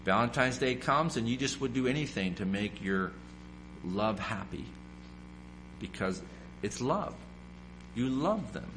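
A man's voice: fairly low pitch, very animated, unhurried, pauses often, noisy background. A man preaching a sermon, emphatic and repetitive, firing off rhetorical questions.

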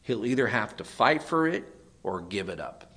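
A man preaching a sermon, earnest, swinging between raised emphasis and quiet asides. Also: fairly low pitch, sing-song, moderate pace.

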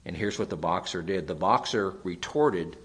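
A man preaching a sermon, earnest, swinging between raised emphasis and quiet asides. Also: low voice, normal speed.

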